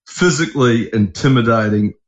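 A man's voice: medium pitch, normal speed. A man co-hosting a heated podcast chat, insistent and repeating himself for emphasis. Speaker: podcast co-host. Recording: dull lo-fi audio.

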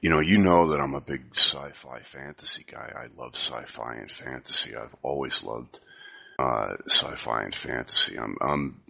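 A man in his fifties with a cold, talking softly and rambling with many fillers in a casual podcast chat over a video call. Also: very deep voice, moderate pace, vocal fry, muffled recording. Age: 50s. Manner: speaking softly, half whispering. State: has a cold. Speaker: podcast co-host.

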